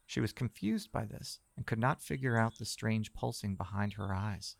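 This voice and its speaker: A man reading scripted horror narration in a measured, tense storytelling manner. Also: lowish voice, creaky.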